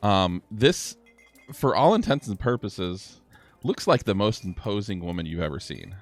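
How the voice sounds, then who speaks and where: A man narrates a tabletop game as dungeon master. His voice sits low but moves a lot in pitch. He keeps it casual and often stops to restart a sentence. Soft music plays underneath. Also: animated, moderate pace, dry recording. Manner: casual, laughing, with many restarts.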